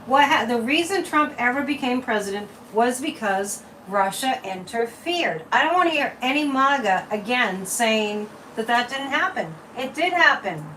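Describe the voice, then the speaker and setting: A woman with a slightly high voice runs a psychic livestream, reading comments and pulling cards while chatting in a casual, opinionated way with lively swings in pitch and loudness. She talks at normal speed with hardly any pauses, sitting far from the mic on a rough recording with a faint hum of room noise.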